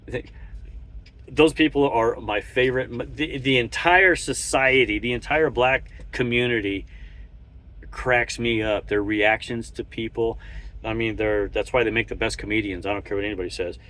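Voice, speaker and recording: A man's voice: medium pitch, steady tone, normal speed, fairly bright tone. Rambling truck driver, a man. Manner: rambling, with many restarts and chuckles. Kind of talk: casual monologue while driving. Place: truck cab on the road.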